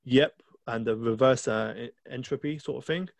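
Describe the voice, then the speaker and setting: Gravelly man chatting about films. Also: medium pitch, normal speed, dry recording. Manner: enthusiastic, rambling with restarts. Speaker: podcast co-host. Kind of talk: casual podcast film review.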